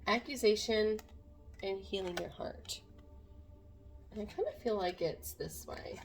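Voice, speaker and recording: A woman's voice: mid-range voice, unhurried, slight background noise. A woman doing a casual tarot reading to camera, talking to viewers in an earnest, meandering way. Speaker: tarot reader.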